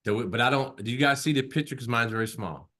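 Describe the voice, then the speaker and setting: A man's voice: mid-range voice, fast talker, pushed and bright. A man teaching an online class in a conversational way, repeating himself and often checking in with "right?". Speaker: instructor.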